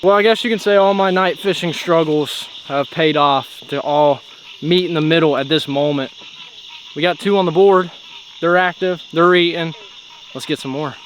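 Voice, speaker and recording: Young man, fishing vlogger, excited, fairly high voice, outdoor night, faint insects. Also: moderate pace, a little hiss or hum. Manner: excitable, exclaiming, breaks into whoops. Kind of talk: excited outdoor vlog commentary. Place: pond at night, outdoors on a boat. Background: crickets and insects at night.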